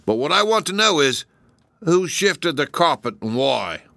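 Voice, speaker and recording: A man's voice: on the high side, very animated, measured pace, gravelly, pushed and bright, no echo, pitched above the performer's own voice, heavily acted. A man voicing a brusque, self-important police inspector. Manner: brusque, pompous.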